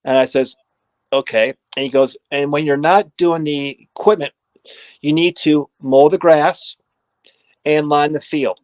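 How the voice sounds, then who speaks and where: A middle-aged man, a former assistant equipment manager, telling lively anecdotes and acting out the dialogue. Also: on the high side, measured pace, no echo. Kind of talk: storytelling in a podcast interview.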